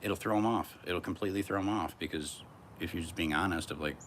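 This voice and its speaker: A man's voice: sits low, fast talker, background noise. A man vlogging from a back porch outdoors, talking in a brash, profane, rambling monologue.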